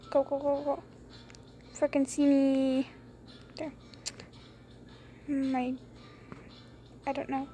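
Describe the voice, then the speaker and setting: A young woman chatting through a mouse game late at night, rambling and giggly, keeping her voice low so others can sleep. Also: completely flat delivery, drawn-out words, long pauses, a little hiss or hum. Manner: rambling, giggly, hushed to keep quiet. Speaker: gameplay streamer. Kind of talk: casual gameplay commentary. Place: bedroom at home late at night. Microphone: phone screen recorder.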